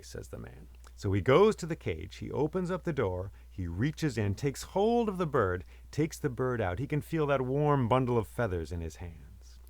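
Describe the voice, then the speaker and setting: A man's voice: mid-range voice, very animated, normal speed, hardly any pauses, a little mellow, no echo. A man telling a myth aloud as a storyteller, with rhythmic, repeating phrases. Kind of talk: oral storytelling of myths.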